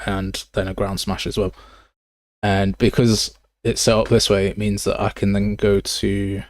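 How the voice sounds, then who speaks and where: Low gravelly casual streamer. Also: male voice, a little mellow, no echo. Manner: casual, chatty, answers chat, uses mate and pal. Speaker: game developer streamer. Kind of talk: live coding stream chat.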